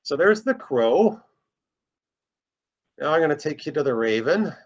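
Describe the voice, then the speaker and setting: A man's voice: a little high, big pitch swings, unhurried, highs cut off. A man teaching a casual online birding lesson, explaining step by step as he plays bird recordings. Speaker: birding instructor.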